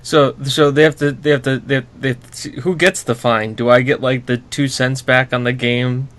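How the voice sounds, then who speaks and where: A man's voice: mid-range voice, fairly even intonation, moderate pace, a bit bright. A man co-hosting a gaming podcast in casual chat, joking and slipping into silly voices. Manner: jokey, slips into silly voices. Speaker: podcast co-host.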